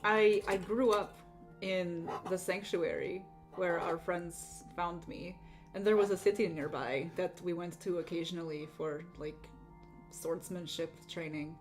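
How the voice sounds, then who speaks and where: Earnest, halting and curious, this is a sheltered young swordswoman in a tabletop game, as a woman puts her on in her own voice. Her questions come out in stops and restarts, with faint music behind. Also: fairly low pitch, steady tone, natural voice.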